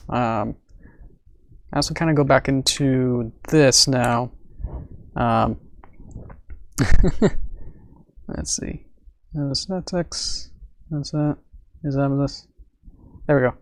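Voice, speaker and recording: A man's voice: medium pitch, fairly even intonation, slow pace, long pauses, no echo. A man who animates, chatting casually on a live stream about his work. He rambles, uses many fillers and laughs often. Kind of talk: casual livestream chat.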